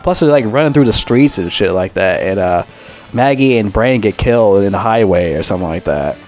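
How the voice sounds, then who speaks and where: A man's voice: on the low side, lively intonation, fairly quick, a little mellow, soft background music. A man giving a casual, profane movie review, rambling and complaining in an exasperated way.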